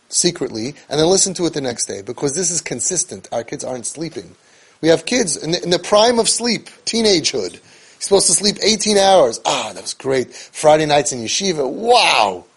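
A man's voice: a little high, slightly rough. A man, speaking with emotion to parents as a parenting coach and mixing in Yiddish and Hebrew words. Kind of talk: impassioned talk to parents.

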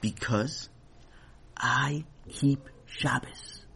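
A man voicing a serious, principled young boy in a children's story, who refuses in a quiet, firm way. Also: lowish voice, animated, slow, gravelly, husky, voice pushed down, full character voice.

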